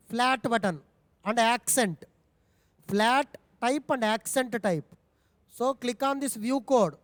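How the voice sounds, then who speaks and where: High-voiced Indian English coding tutor. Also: male voice, no echo, big-room sound. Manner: step-by-step, repeats phrases, asks himself questions. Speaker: programming tutor. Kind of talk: screen-recorded coding tutorial.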